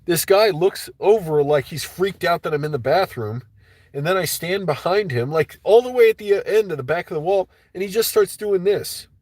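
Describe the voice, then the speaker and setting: Man, livestream host, casual angry rant, profane, slightly high voice, dry close sound. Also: expressive, moderate pace, a little mellow, dry recording. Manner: profane, agitated ranting.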